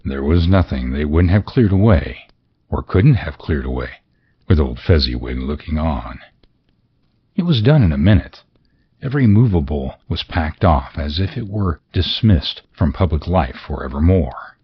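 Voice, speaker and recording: Male narrator, slow and very deep, dull lo-fi sound. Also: a little hiss or hum. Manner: expressive, theatrical reading. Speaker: audiobook narrator. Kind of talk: scripted narration.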